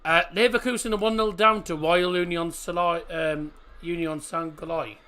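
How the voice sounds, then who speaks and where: A man's voice: on the high side, fairly even intonation, normal speed, bright, forceful tone, smooth. A young man chatting casually while streaming a football watchalong, blunt and rambling. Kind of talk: casual live commentary and chat.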